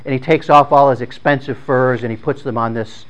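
A man tells a story out loud in an informal, conversational way. His voice sits at an ordinary middle pitch. He often stumbles, repeats words and starts phrases again as he goes. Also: fairly even intonation, highs cut off. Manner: halting, with frequent repeated words and restarts; conversational, plain-spoken.

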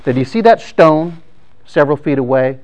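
A man voicing a calm, polite samurai swordsman in a spoken story. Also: fairly high pitch, a little fast, close to an everyday voice.

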